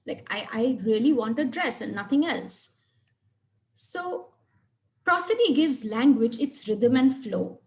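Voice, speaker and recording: A woman presenting a webinar on reading fluency, explaining in a clear, measured way and stressing words in her example sentences. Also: a little high, lively intonation. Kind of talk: webinar lecture.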